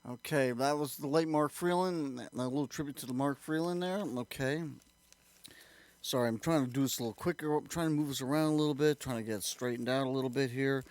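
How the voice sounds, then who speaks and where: A man's voice: mid-range voice, a little fast, darkish tone, slight background noise. A man hosting a live radio show, flustered and muttering to himself as he fumbles with equipment.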